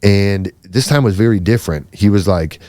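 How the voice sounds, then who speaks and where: A man's voice: lowish voice, moderate pace, mellow, dry recording. A man telling a rambling story on a podcast, swearing freely and acting out what others said. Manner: swearing, rambling, acts out quoted voices. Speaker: podcast host. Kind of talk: casual storytelling chat.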